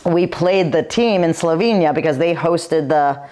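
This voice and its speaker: Podcast guest, woman in her 40s, low voice, chatty storyteller leaning on "like". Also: normal speed, dark tone. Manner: chatty storytelling, filler-heavy "like". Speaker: guest, retired pro footballer. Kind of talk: podcast interview.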